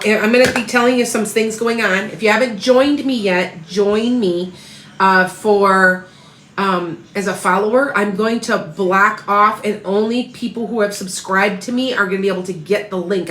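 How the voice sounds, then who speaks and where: A woman's voice: medium pitch, fairly even intonation, normal speed, fairly bright tone, roomy sound, a little hiss or hum, poor audio. A tired woman reading tarot, chatting casually and rambling on a livestream as she greets viewers by name. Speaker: tarot reader.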